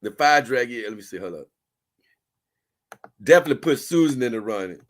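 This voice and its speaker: A man's voice: mid-range voice, animated, fairly quick, long pauses. A man hosting a casual livestream, reading viewer comments and rambling on in loose, with chuckling asides. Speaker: livestream host.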